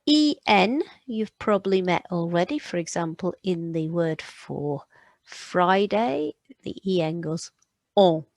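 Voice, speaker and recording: A woman's voice: on the low side, lively intonation, unhurried, creaky, no echo. Woman teaching French phonics sounds. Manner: patient, demonstrates sounds aloud. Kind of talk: recorded phonics lesson for children.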